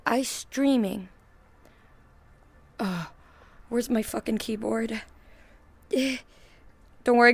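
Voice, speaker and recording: A young woman livestreaming in casual chat, excitable and giggly, swearing and shrieking often. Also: fairly high pitch, no echo. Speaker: VTuber streamer.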